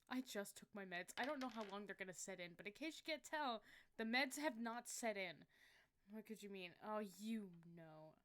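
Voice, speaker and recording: A woman chatting casually on a livestream, excitable and foul-mouthed, who yelps and swears when things go wrong. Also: medium pitch, moderate pace. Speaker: streamer.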